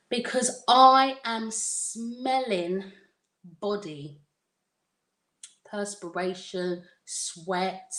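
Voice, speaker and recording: A woman coach giving parenting advice in a measured, emphatic way, repeating words for stress. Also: medium pitch, fairly bright tone. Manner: unhurried, emphatic repetition. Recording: roomy echo.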